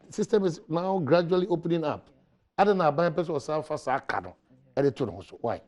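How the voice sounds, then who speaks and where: A man's voice: a little high, expressive, fast, darkish tone. A Ghanaian-accented man hosting a morning talk show, questioning his guest in a mix of Twi and English.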